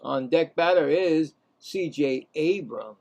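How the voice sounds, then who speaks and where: A man calling a baseball game live in a loose, rambling way, talking to himself between pitches. His voice sits high for a man and carries a gravelly rasp. On the big calls he jumps up in pitch. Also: animated, slow pace, a little mellow. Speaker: play-by-play commentator. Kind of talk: casual live baseball play-by-play.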